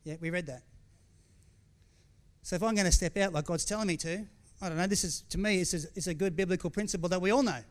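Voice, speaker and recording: A man's voice: high voice, fast talker. A middle-aged man preaching a sermon as pastor, speaking candidly and conversationally with frequent restarts and asides. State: tearful at times.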